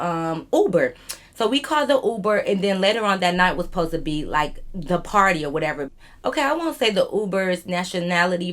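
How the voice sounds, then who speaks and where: A woman's voice: on the low side, fairly bright tone. A young woman telling a storytime vlog to her viewers, chatty and rambling, full of slang, calling them y'all. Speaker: YouTube storyteller.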